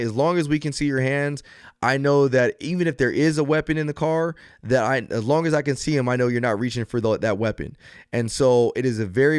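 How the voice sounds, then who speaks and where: A police officer hosts a podcast by himself, giving advice and walking through it step by step in an earnest way, often restarting sentences and using fillers. His medium-pitched voice is clear and resonant, recorded cleanly in a studio without echo.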